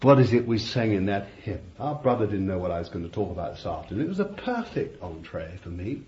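An Englishman preaching a sermon with fervour, swinging from loud exhortation to quiet asides. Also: fairly low pitch, big pitch swings, quick pace. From England. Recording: dull lo-fi recording with faint hiss.

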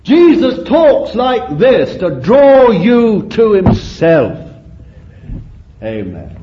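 A male preacher delivering an impassioned sermon that rises and falls, with drawn-out phrases. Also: extremely high pitch, sing-song, dark tone, a little hiss or hum. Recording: roomy, dull lo-fi recording.

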